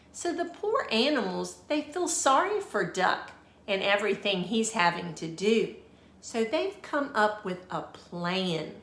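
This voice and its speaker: A woman teacher reading a picture book aloud at a slow, unhurried pace. Her voice is bright and clear, and she pauses often to ask the children questions. It sounds like an echoey room. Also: on the low side. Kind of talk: read-aloud storytime for children.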